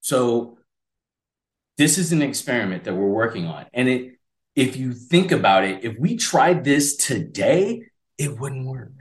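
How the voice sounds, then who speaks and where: Male co-host, 40s, rambling and animated, echoey room. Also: mid-range voice, a little slow. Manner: animated, rambling, acts out voices. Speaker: podcast co-host. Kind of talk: casual political chat. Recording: roomy echo.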